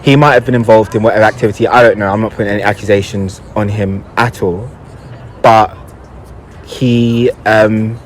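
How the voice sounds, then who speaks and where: A man's voice: on the low side, steady tone, normal speed, slight background noise. Reflective young man telling a story. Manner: reflective, hesitant, searching for words. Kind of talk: casual conversational storytelling.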